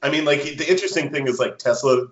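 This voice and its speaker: A man's voice: mid-range voice, fast. Chatty man in a roomy, lo-fi recording. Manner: enthusiastic, frequent fillers and laughs. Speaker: podcast co-host. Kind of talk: casual chat. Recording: roomy, dull lo-fi sound.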